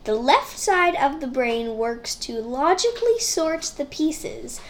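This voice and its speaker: High-voiced young woman, slow podcast chat. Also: sing-song. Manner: upbeat, reads facts, many "like" fillers. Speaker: podcast co-host. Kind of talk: casual family podcast chat. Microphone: sensitive studio microphone.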